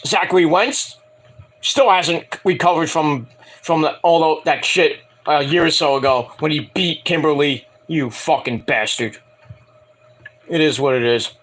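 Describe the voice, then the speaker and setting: A man's voice: fairly high pitch, normal speed, a bit bright. A man reviewing a wrestling show at home in a casual, rambling rant, profane and mocking, often acting out quotes.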